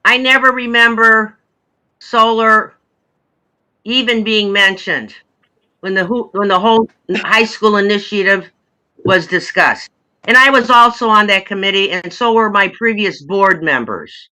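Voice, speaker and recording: A woman presides over a school board meeting and will not yield the floor. Her voice is very bright and sharp. Her diction is smooth and crisp. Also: medium pitch, unhurried, low-quality recording. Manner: firm, repeats herself to hold the floor. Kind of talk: chairing a heated board meeting.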